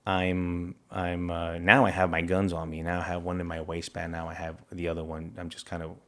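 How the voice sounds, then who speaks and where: Interview guest: man, very low voice, monotone delivery, earnest halting storytelling. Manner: earnest, halting retelling with restarts and quoted dialogue. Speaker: interview guest, federal agent. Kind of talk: personal account in an interview.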